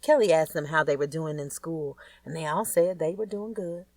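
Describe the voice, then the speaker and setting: Lowish woman narrating an audiobook. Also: moderate pace, a little mellow, no room sound. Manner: plain, conversational storytelling. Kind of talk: first-person audiobook narration.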